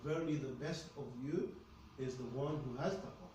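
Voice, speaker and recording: A man teaching a hadith lesson to a class in a lively, conversational way, often checking in with "okay?". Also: on the high side, moderate pace, heavy reverb, recorded from a distance, slight background noise, poor audio. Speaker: Islamic studies teacher.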